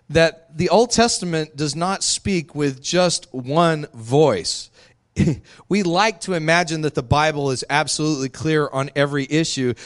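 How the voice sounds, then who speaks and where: A male pastor gives a sermon in a candid, chatty way, laughing easily between his points. His voice sits a little higher than most men's. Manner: candid and conversational, laughs often.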